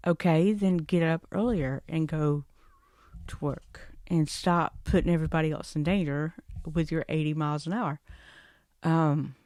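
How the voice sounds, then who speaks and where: A woman's voice: fairly low pitch, a little slow, mellow, no echo, clean studio sound. A woman ranting casually to her camera in a vlog, chatty and exasperated, rambling with asides. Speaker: vlogger.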